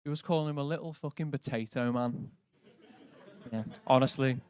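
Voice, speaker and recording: A British man does a stand-up set on a comedy club stage, dry and conversational, peppering it with casual asides and lots of "likes." His mid-range voice is a little mellow and smooth, at normal speed, with no room sound.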